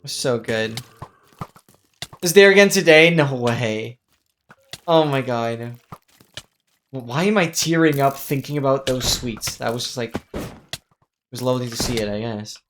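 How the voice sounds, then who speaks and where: A game streamer chatting casually during a live gameplay stream, excitable, exclaiming often and thanking viewers. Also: medium pitch, a little slow, pauses often, slight background noise.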